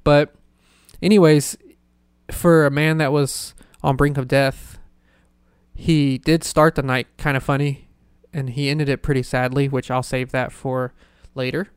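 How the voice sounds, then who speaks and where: A young man rambles through a casual podcast story, leaning on filler words. His voice is smooth and clear, and the recording sounds dry and close. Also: mid-range voice, little pitch movement, unhurried, no echo. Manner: rambling, full of "like" fillers and laughter. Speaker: podcast host.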